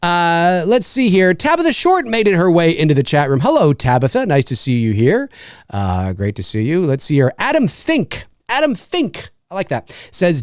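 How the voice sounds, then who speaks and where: A man's voice: on the high side, normal speed, clear, resonant tone, no room sound, studio quality. A man hosting a casual live Q&A, reading viewer questions and chatting about films, laughing easily. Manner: lively, laughs often, reads chat questions aloud. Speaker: host.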